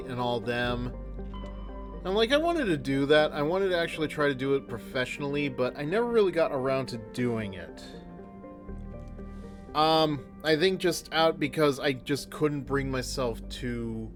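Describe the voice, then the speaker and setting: Rambling man streaming a game. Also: on the high side. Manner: rambling, filler-heavy. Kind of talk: casual gameplay commentary. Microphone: desktop microphone with headphones.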